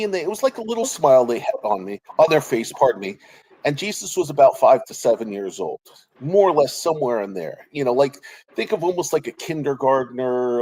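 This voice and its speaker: A man's voice: mid-range voice, a little mellow, poor audio. A man in his forties, a guest speaking over a remote call, talking earnestly and openly emotional, with many restarts and trailing phrases. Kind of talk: personal interview over a call. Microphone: remote call connection.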